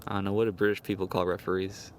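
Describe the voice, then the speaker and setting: A man's voice: sits low, little pitch movement, very fast, slight background noise. A young American man chatting casually on a podcast, rambling and joking in a laid-back way. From United States.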